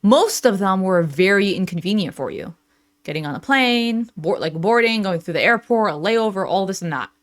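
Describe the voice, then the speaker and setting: A young woman giving casual reaction commentary in a blunt, sarcastic, animated way. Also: medium pitch, moderate pace.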